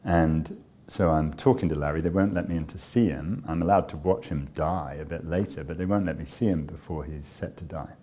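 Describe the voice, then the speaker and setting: A man with a notably low voice tells a personal story in an interview. He speaks in a measured, understated way and pauses often between thoughts. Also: warm tone, slight background noise. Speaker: charity director.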